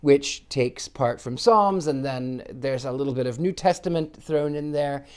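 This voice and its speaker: A man's voice: medium pitch, unhurried, darkish tone, clean tone. A man, a psychic, speaking earnestly in a reflective monologue, with frequent restarts. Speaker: psychic sharing personal reflections.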